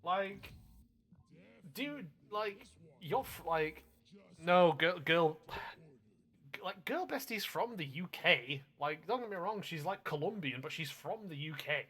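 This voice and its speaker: Excitable man, lively voice. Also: high-pitched, slow pace, breathy edge. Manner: excitable, swears a lot, rambling. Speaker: streamer. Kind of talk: casual gaming stream chat.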